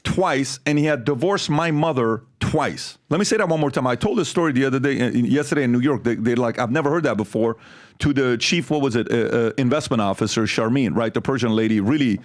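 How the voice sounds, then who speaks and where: A man's voice: mid-range voice, a little fast. A man hosting a casual panel discussion, talking emphatically and telling stories while quizzing the others. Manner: emphatic, animated storyteller who quizzes the panel. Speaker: host.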